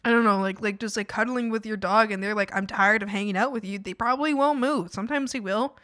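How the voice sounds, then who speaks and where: A woman's voice: mid-range voice, fast talker, a bit bright. A woman streamer chatting casually with her viewers, rambling with lots of fillers and frequent laughs.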